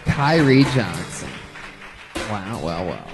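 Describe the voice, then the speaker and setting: A man's voice: lowish voice, very animated, slow, over music, crowd noise. A man in his thirties hosting a live comedy show, teasing the comics he interviews. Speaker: host.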